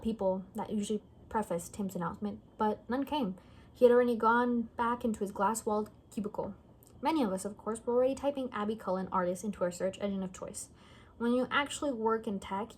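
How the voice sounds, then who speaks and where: Lady reading a book out loud, trips on words and fixes them, bit of faint noise behind. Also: mid-range voice. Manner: stumbles and corrects herself while reading. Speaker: reader. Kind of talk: casual novel read-aloud.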